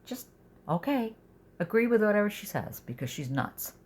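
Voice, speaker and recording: A woman's voice: mid-range voice, big pitch swings, normal speed, darkish tone, husky, pitched above the performer's own voice. A woman quoting her husband in a raised, mocking voice, blunt and exasperated.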